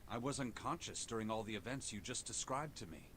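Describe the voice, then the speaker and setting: An actor voicing a composed, refined young man in a video game, formal and measured in his speech. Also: on the low side, animated, a bit bright, a little hiss or hum. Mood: calm.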